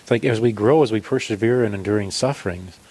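A man's voice: on the low side, fast talker, a little mellow, rough recording. A man, the host, responding thoughtfully and affirmingly in a faith conversation, often restarting his phrases.

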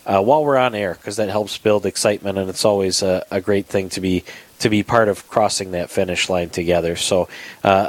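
A man hosting a radio show in a studio, talking casually with many fillers and restarts. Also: fairly low pitch.

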